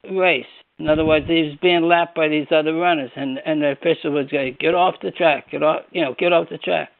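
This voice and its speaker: A man telling an anecdote in an animated way, laughing and repeating words, on a conference call. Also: fairly high pitch, no echo. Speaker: former coach on a reunion call. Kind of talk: casual storytelling. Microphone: telephone. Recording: phone-line conference call, dry.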